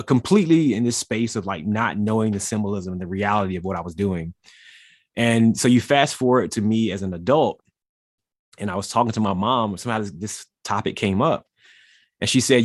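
A man from the American South recounts a childhood memory in a loose, casual way. His voice is a little low and the sound is dry. He leans on fillers as he talks. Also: no echo. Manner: casual, frequent fillers like "like" and "you know". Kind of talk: personal storytelling.

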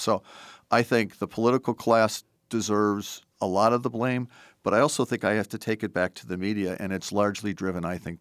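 A middle-aged man speaks in a very low voice with a gravelly edge. He sounds earnest and discursive as he tells stories in an interview. The recording is dry and close, with no room echo. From Wisconsin. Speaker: podcast host and former politician. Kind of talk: conversational interview.

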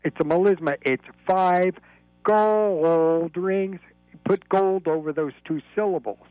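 A man's voice: a little high, moderate pace, no room sound, dull audio. A man calling in to a radio talk show from Florida, explaining at length in a rambling, lecturing way. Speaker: caller. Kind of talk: call-in radio chat.

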